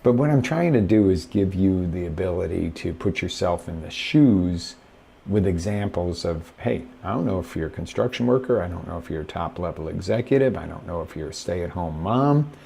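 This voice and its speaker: Gravelly, animated male life coach. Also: deep voice, moderate pace. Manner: animated, emphatic, talks straight to viewers. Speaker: life coach hosting a live show. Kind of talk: motivational live-stream talk.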